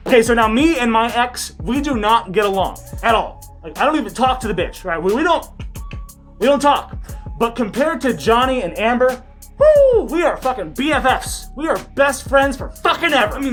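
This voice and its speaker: A woman in a loud, profane, sarcastic commentary rant, her voice slightly muffled by a face mask. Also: on the high side. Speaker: commentary vlogger. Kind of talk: ranting commentary.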